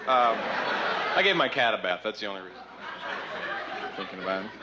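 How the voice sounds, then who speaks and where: Exasperated stand-up comic on a live stage. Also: male voice, lowish voice, expressive, a little fast, very noisy. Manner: mock-exasperated, rising to shouts. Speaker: stand-up comedian. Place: stage before a live audience. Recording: dull vintage live TV audio with crowd.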